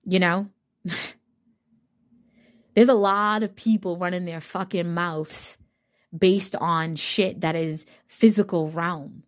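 A woman's voice: lowish voice, steady tone, slow pace, pauses often. A woman giving a fired-up, blunt spiritual rant full of swearing, talking straight to her viewers. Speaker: spiritual reader. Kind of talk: ranting monologue.

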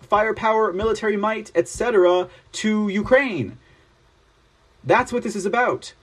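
Guy reading the news out loud, kinda high voice, keeps cutting in with snarky emphatic comments. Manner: sarcastic asides, emphatic. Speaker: host.

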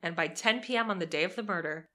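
A young woman co-hosting a podcast, telling a true crime story in a lively, sarcastic way and swearing freely. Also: on the low side, fast talker. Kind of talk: casual storytelling chat.

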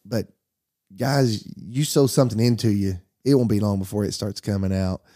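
In a fairly low, mellow voice at a moderate pace, a pastor who hosts a podcast chats casually. He comes across as easygoing and candid, telling stories as he talks.

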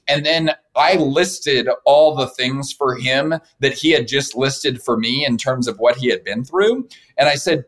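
A male podcast host speaking in a friendly, affirming way. His pitch is ordinary and his conversational tone stays relaxed. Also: unhurried, hardly any pauses. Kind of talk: casual conversation.

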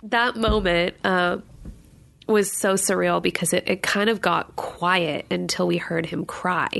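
A woman's voice: lowish voice, fairly even intonation, unhurried, creaky, a bit bright. A woman telling a personal story with emotion and animation, chatting casually with her partner. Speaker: new mother, co-host.

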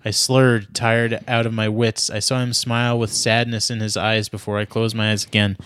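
A man's voice: on the low side, flat delivery, moderate pace, a bit bright, clean tone. A man reading a melodramatic story aloud in a mock-serious tone, stopping now and then to joke with a co-host. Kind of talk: dramatic reading with banter.

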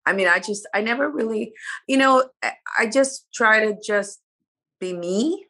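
A woman's voice: fairly high pitch, a little slow, pushed and bright. A woman guest speaking candidly in a casual interview, sometimes losing her words. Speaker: reality show cast member guest.

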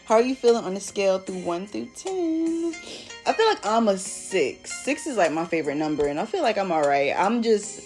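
A woman's voice: medium pitch, very animated, normal speed, darkish tone, soft background music. A young woman hosting a casual solo podcast, chatting in a slangy, rambling way with lots of "like", and feeling emotional today. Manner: slangy and rambling, heavy use of "like". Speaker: podcast host.

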